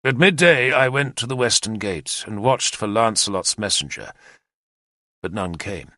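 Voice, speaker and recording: A man narrating a historical novel in first person, measured and expressive. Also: on the low side, no echo, studio quality. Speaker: audiobook narrator.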